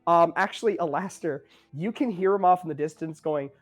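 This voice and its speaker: A game master talks players through a tabletop game scene in a loose, rambling way, stopping to correct themself and adding "like" and "um" throughout. Their pitch sits mid-range. Faint music plays in the background. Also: fairly quick. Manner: casual, rambling, many fillers and self-corrections.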